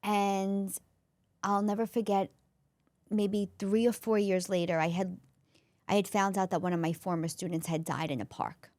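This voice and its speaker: A woman's voice: mid-range voice, steady tone, normal speed, a little mellow, no echo. Woman telling a heartfelt story. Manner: earnest, emotional, with frequent restarts. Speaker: comedian and former school counselor, podcast guest.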